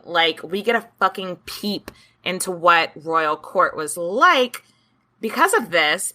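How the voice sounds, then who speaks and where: A woman co-hosting a casual history podcast, talking in a chatty, loose way with quick asides and the odd swear word. Her voice is bright and a little low for a woman. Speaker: podcast co-host.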